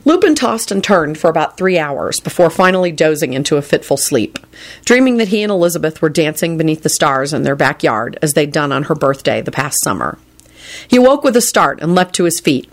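Expressive story narrator with a gravelly texture and animated pitch. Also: normal speed. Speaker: audiobook reader. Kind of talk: fan fiction audiobook narration.

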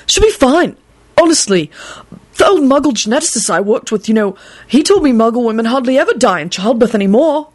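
A woman's voice: a little high, very animated, normal speed, a little mellow, voice pushed up. A woman voicing a nervous, earnest young man who blurts things out hastily, in an audiobook. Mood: flustered. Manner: hasty, blurting.

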